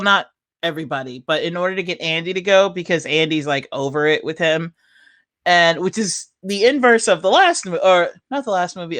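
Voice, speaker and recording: A woman chatting casually about a movie, telling scenes animatedly with lots of fillers and laughter. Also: on the low side. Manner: animated storyteller, laughs often, many fillers.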